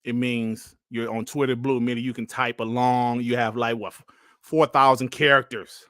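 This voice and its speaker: A man hosting a gaming podcast, ranting in an exasperated, animated way on a livestream, repeating himself and sighing between phrases. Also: medium pitch, normal speed, no echo. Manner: sighs and coughs between phrases. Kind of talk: livestream commentary and rant.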